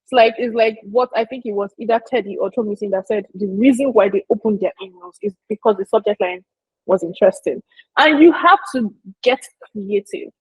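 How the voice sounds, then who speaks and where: A woman's voice: mid-range voice, fast, mellow, husky, no room sound, poor audio. A woman giving an informal marketing lesson, chatty and emphatic, speaking straight to her listeners. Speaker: business marketing presenter. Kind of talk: informal teaching talk.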